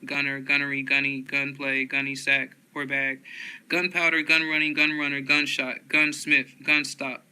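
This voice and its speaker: A man reading dictionary entries aloud, slowly and flatly, one word after another. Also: medium pitch, clear, resonant tone, rough recording. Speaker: dictionary reader.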